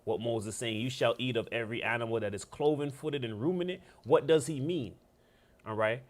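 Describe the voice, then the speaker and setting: A man leading a casual Bible study, explaining the text in a lively, conversational way and often checking in with his listeners. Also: medium pitch, brisk. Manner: animated, conversational, asks "all right?" often. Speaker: church teacher.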